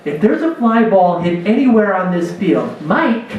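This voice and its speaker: A man who teaches spirituality, telling a lively personal story to a church dinner gathering. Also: high-pitched, a little slow, highs cut off, a little hiss or hum. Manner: animated storyteller, acts out his own voice in quotes. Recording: echoey hall recorded from far off.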